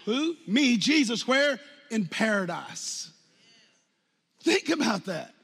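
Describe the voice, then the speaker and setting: Husky high-voiced pastor preaching with fire. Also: male voice, slow pace. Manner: animated, swings between loud outbursts and hushed lines, acts out quotes. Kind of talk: sermon. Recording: long hall reverb.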